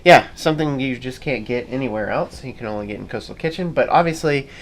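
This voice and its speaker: A man's voice: medium pitch, fast talker. A middle-aged man chatting casually on a family travel vlog, easygoing and rambling with plenty of fillers. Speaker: family vlogger. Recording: faint background noise.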